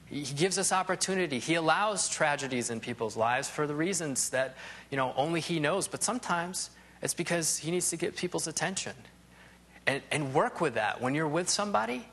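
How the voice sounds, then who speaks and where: A man's voice: fairly high pitch, a bit bright. Rambling, conversational male Bible teacher. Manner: rambling, full of "you know" asides and restarts.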